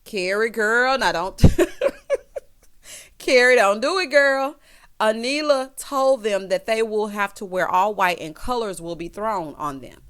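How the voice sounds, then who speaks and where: A woman's voice: medium pitch, measured pace, fairly bright tone. A woman recapping a reality show in a sassy, chatty way, talking straight to the cast. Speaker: recap vlogger.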